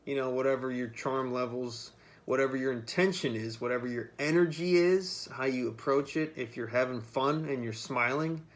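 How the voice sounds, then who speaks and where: A man's voice: mid-range voice, moderate pace. A man vlogging in a loose, rambling monologue, swearing freely as he talks. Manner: rambling, profane, freewheeling. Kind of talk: casual monologue to camera.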